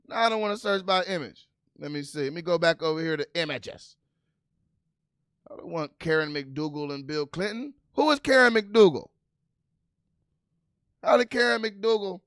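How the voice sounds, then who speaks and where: A man doing casual, animated livestream commentary, reading news aloud and laughing with his viewers. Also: sits high, dry recording, clean studio sound. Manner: animated, laughing, talks to viewers as "you guys"; reads news aloud while scrolling. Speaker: political commentary vlogger.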